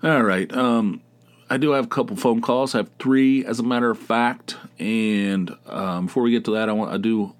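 A man's voice: mid-range voice, moderate pace. A middle-aged man hosting his own podcast, chatting casually in a rambling, wry way and swearing freely. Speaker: podcast host. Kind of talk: casual solo podcast chat.

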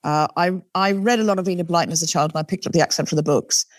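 Woman guest, British accent with a faint Australian trace, lively and self-mocking, lowish voice, dry close sound. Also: fast talker, dry recording. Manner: animated, self-deprecating, chatty. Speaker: comedian and podcast host, guest. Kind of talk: casual interview talk.

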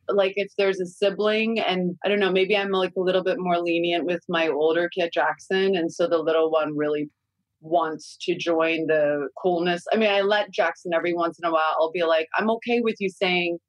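A woman in her forties chatting candidly on a podcast, telling lively parenting stories and swearing freely. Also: on the low side, dry recording, low-quality recording. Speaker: guest consultant. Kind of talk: casual podcast chat.

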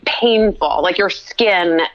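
A woman's voice: on the low side, slow, dull audio. A woman co-hosting a podcast, telling a story in a chatty casual way. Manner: chatty storyteller, many "like" fillers. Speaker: podcast co-host. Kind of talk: casual chat.

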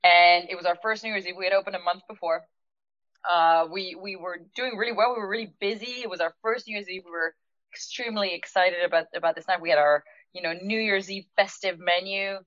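A woman's voice: on the low side, brisk, dry recording, dull audio. A woman who owns a restaurant recounts an anecdote, laughing often and acting out the lines of the people in her story. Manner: lively, laughs often, acts out quoted dialogue. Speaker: restaurant owner telling a story.

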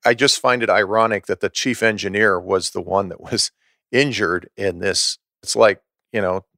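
A man being interviewed, telling a story in a relaxed way with many restarts and chuckles. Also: fairly low pitch, normal speed, dry recording, clean studio sound. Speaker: author and historian interviewed.

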